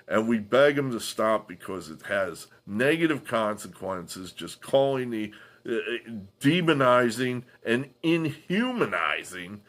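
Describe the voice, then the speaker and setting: A man hosting a solo political commentary, talking from home in a halting way with sighs and restarts. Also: medium pitch, big pitch swings, fairly bright tone.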